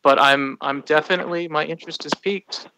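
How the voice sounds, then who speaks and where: Bright-voiced man, rambling fan chat. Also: a little high, fairly even intonation, brisk, a little hiss or hum, poor audio. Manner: rambling, many restarts and fillers. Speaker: podcast co-host. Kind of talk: casual fan discussion.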